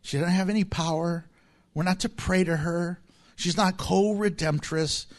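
Animated high-voiced male preacher. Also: a little slow. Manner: animated preaching with acted-out quotes and laughter. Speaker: pastor. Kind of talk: sermon.

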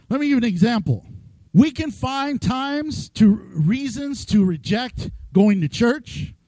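A middle-aged man preaching a lively, joking sermon as pastor, acting out quoted voices. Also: extremely high pitch, slow, long pauses, dry recording, poor audio.

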